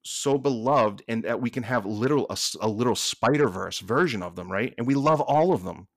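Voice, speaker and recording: A man with a Boston accent, a podcast guest talking with passion and many quick restarts. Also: mid-range voice, no room sound, studio quality. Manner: passionate, fast restarts and repeated words. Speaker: podcast guest, staff writer. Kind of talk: casual podcast chat.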